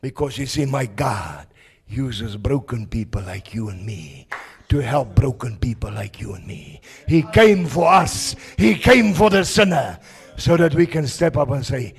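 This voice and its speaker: South african preacher guy, super raspy gravelly voice, slow and fervent testimony sermon. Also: mid-range voice, lively intonation. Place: service in a prison.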